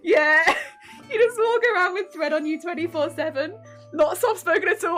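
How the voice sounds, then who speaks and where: A woman's voice: high voice, normal speed, fairly bright tone, soft background music. A British woman chatting casually with her live-stream viewers while she crafts, often breaking into laughter. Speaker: cosplay streamer.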